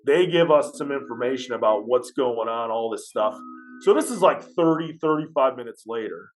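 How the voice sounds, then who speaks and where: Animated man telling a story. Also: mid-range voice, normal speed, poor audio. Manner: animated storyteller who acts out what others said. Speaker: high school athletic director. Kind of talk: storytelling on a podcast.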